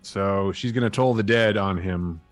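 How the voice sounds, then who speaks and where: Low-voiced man playing a tabletop game. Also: moderate pace, dry recording, faint music behind. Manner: joking, profane banter. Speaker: player. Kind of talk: tabletop game play chat.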